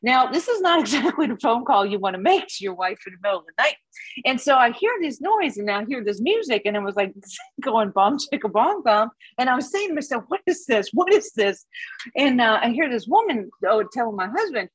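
A woman's voice: a little high, very animated, brisk, slightly rough, dry recording, poor audio. A middle-aged woman sharing her personal recovery story with a support group, candid, laughing at her past. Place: Dallas.

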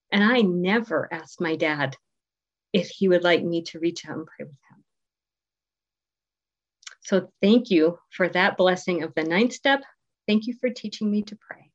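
A middle-aged woman speaking at a recovery group meeting, sharing her personal story in a heartfelt, conversational way with many ums and pauses. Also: mid-range voice. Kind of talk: personal testimony share. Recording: dull lo-fi recording.

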